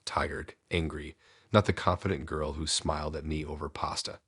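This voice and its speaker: Deep husky male horror narrator. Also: no echo, studio quality. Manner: calm, measured storytelling. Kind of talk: scripted first-person narration.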